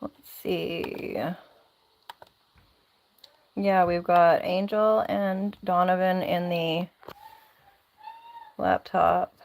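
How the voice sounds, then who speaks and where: A woman's voice: on the low side, little pitch movement, extremely slow, vocal fry, long pauses, poor audio. A woman hosting a casual livestream, chatty and rambling, laughing often, talking into a phone or laptop mic. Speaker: livestream host.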